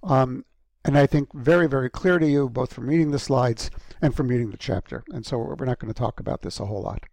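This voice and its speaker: A man giving a recorded university lecture, halting with frequent ums and restarts and clearing an irritated throat often. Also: medium pitch, darkish tone, no room sound. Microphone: close microphone.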